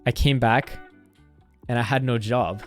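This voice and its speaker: A man's voice: medium pitch, steady tone, unhurried, soft background music. A young man streamer casually telling a story, rambling with constant "like" fillers and swearing.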